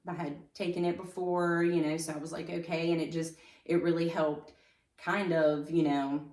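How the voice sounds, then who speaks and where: Low-voiced woman, halting testimony. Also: little pitch movement, a little mellow, echoey room, far from the mic. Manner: halting, with many fillers and restarts. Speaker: podcast guest. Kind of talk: personal testimony in conversation.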